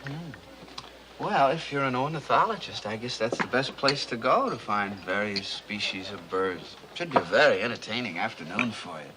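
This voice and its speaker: A teasing young reporter, played by a man in a 1950s film, tossing off dry wisecracks in a low, bright voice that swings up and down a lot. The old soundtrack carries a faint hiss. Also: expressive, moderate pace, natural voice.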